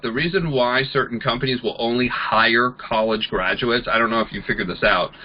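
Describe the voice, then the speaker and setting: A man giving a network marketing training talk, an animated storyteller who acts out the people he quotes. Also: fairly high pitch, highs cut off.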